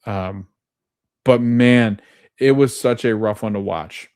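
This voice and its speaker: Low-voiced man recapping a show. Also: slow, a little mellow, no echo, clean studio sound. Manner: rambling, retells scenes with loose quotes and fillers. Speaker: podcast host. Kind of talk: casual recap and reaction.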